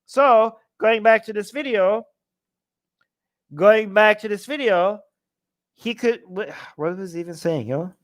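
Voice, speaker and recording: A man hosting a livestream, talking in a casual, animated, rambling way, swearing freely and firing off rhetorical questions. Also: high voice, measured pace, long pauses. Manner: heavy use of rhetorical questions. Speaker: livestream host.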